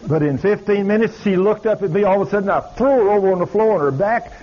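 Preacher telling a dramatic story. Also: male voice, high-pitched, fast talker. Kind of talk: sermon storytelling. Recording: dull lo-fi recording.

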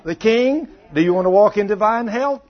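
A man's voice: high-pitched, animated, normal speed. A man preaching a folksy, conversational sermon and acting out the voices he quotes. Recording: muffled lo-fi recording.

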